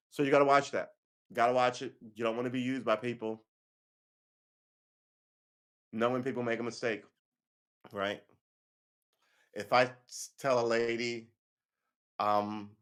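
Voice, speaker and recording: Animated man ranting on a livestream. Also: medium pitch, normal speed, pauses often. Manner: animated, acts out voices of others; restarts and stumbles on words. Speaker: livestream host. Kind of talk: casual opinion monologue.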